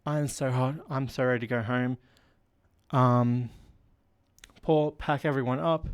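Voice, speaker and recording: A man's voice: mid-range voice, fairly even intonation, unhurried, long pauses, clear, resonant tone. A young man hosting a solo podcast, rambling casually with lots of filler words while he feels unwell. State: unwell with a headache. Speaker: podcast host.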